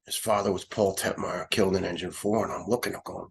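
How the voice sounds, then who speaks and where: Low-pitched and creaky, this middle-aged New Yorker's voice holds a steady tone. He's a retired American fire lieutenant recounting something personal in an interview, and he stops, restarts, and struggles with emotion as he goes.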